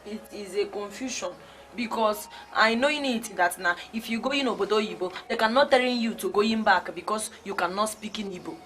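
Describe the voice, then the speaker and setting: An actress playing a clumsy comic house help who speaks broken English with a Nigerian accent. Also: female voice, mid-range voice, a little fast, fairly bright tone, slight background noise, lightly acted.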